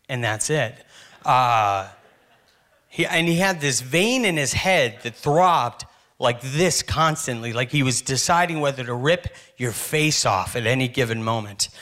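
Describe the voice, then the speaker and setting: A man's voice: mid-range voice, sharp tone. A man telling a wry, self-mocking stand-up story. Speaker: stand-up comedian.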